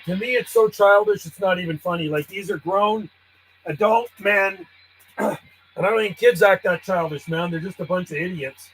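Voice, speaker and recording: High-voiced radio hobbyist. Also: male voice, moderate pace, fairly bright tone. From Canada. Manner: chatty, blunt, clears throat often. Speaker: CB radio operator. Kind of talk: casual radio chat and calling.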